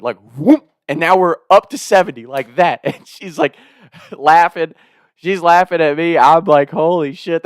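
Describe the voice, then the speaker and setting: Animated young man telling a story. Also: on the high side, no room sound, studio quality. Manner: animated, swears, laughs while telling. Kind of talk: casual spoken anecdote.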